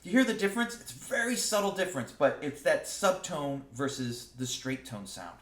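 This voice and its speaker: A man teaching saxophone in a relaxed, casual way, often stumbling over and repeating his words. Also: a little high, moderate pace, faint music behind. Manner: relaxed, explains with sung examples, repeats words. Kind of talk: casual music lesson. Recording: roomy echo.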